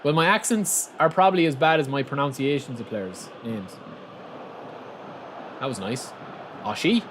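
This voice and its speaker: A young man casually commentating his own football game on a live stream, chatting with viewers and bursting into shouts at big moments. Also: medium pitch, moderate pace, noisy background.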